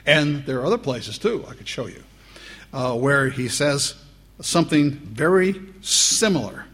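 A man preaching a sermon, teaching slowly through Bible verses and lifting his voice on the quoted lines. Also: mid-range voice, very animated, fairly bright tone. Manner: slow, deliberate Bible teaching with rising emphasis on quotes.

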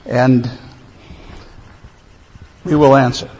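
A man preaching a sermon, emphatic, stretching key phrases slowly. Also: mid-range voice, steady tone, mellow, slightly rough. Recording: echoey hall, dull lo-fi sound.

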